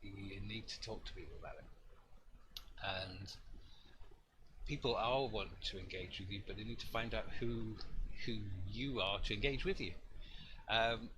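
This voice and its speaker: Male artist, lowish voice, rambling casual host, noisy room ambience. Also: moderate pace, long pauses. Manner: rambling, self-deprecating, with frequent restarts. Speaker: artist hosting a live draw-and-chat stream. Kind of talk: casual storytelling chat.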